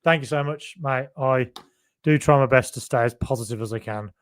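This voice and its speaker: Chatty and rambling with plenty of fillers and asides, this podcast host from Birmingham, England, has a Brummie accent and a mid-range voice at a moderate pace. He runs a casual live-stream, talking loosely and reading out comments from viewers.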